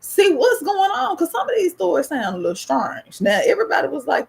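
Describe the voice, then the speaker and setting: A woman from the US South with a Southern accent, hosting a podcast and telling a personal story in a casual, animated, profane way. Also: a little fast, creaky. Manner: animated, profane, rising pitch in excitement. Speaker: podcast host.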